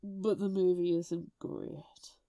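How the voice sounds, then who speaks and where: A woman's voice: on the low side, fairly even intonation, slow pace, creaky, mellow, no room sound, clean studio sound. A woman co-hosting a book podcast, chatty and blunt, laughing often. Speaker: podcast co-host. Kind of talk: casual chat.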